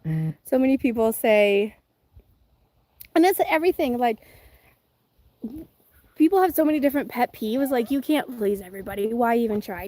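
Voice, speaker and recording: High-voiced chatty woman livestreaming. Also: dark tone. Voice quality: chatty, giggly, self-deprecating. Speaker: livestream host. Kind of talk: casual live chat, reading comments. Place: outdoors.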